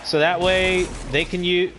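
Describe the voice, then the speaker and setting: A man's voice: high voice, little pitch movement, unhurried, noisy background. Laid-back man commenting on gameplay. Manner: laid-back, rambling, chats to viewers. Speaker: gaming channel host.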